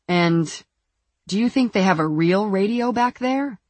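Nervous young man, urgent and pushing, slightly raised voice, husky, close and dry, read by a woman narrator. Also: medium pitch, animated, unhurried, darkish tone, no echo, voice pushed up.

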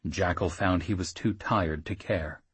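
A man narrating a fantasy audiobook in a measured, even storytelling manner. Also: low voice, breathy edge, no echo.

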